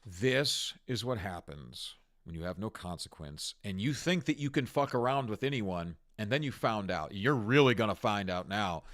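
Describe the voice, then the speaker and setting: A man's voice: on the low side, expressive, moderate pace, a bit bright. A man hosting a ranting commentary on video clips, exasperated and mocking, with frequent swearing. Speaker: commentary host.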